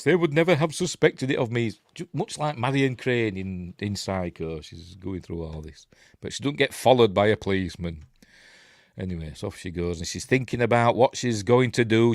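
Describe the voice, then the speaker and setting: A film reviewer from England with a Yorkshire accent gives casual, rambling commentary, frequently correcting himself and chuckling at his own asides. His voice is lowish, recorded clean in a studio with no room sound.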